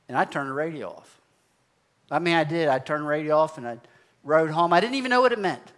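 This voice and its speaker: A man's voice: on the high side, expressive, fast, fairly bright tone. A man preaching, telling a personal story in a folksy, conversational way. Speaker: pastor. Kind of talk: sermon testimony.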